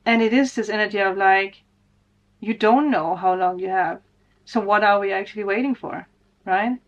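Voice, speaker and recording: A woman's voice: mid-range voice, normal speed, dull audio. A woman doing a casual tarot reading vlog for her viewers, talking to them directly, emotional and laughing often. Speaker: spiritual tarot reader.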